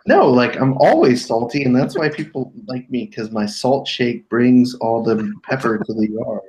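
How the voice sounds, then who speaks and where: A man's voice: medium pitch, animated, moderate pace, darkish tone, a little hiss or hum, rough recording. A man chatting casually on a live stream, joking and swearing as he shows off old items. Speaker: co-host showing items.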